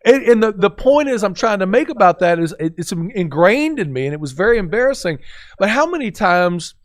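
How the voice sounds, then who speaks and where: A man's voice: high-pitched, a little fast, no room sound, studio quality. A middle-aged man co-hosting a radio talk show, telling a story and acting out the voices of the people in it. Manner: animated, acts out quoted voices. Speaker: co-host. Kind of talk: conversational storytelling.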